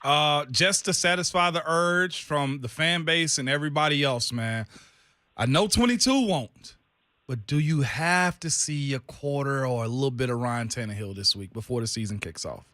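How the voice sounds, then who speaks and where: A man's voice: mid-range voice, moderate pace, pushed and bright, no echo. A man co-hosting a sports radio show, talking in a loose, joking, slangy way from the studio. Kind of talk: casual sports radio chat.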